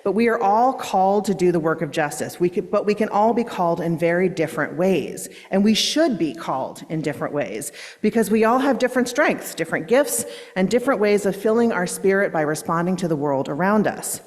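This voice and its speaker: Woman pastor, lowish voice, sermon storytelling, long church reverb. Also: lively intonation, fairly quick. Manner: warm, self-deprecating storytelling with asides. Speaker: minister. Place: church sanctuary.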